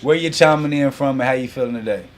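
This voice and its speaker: A man hosting a live online business class, greeting viewers, teasing them playfully and hyping them up in a casual, animated way. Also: mid-range voice, quick pace, noisy background. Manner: playful teasing banter with chat; animated hype, heavy use of y'all. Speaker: host and business coach. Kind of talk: casual livestream class intro.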